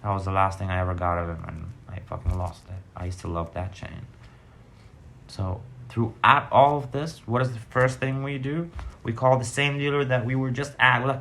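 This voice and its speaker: A man's voice: mid-range voice, steady tone, normal speed, gravelly, a bit bright. A man casually telling blunt, profane stories from his past, rambling with side remarks. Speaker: vlogger sharing recovery stories. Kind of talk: casual storytelling monologue.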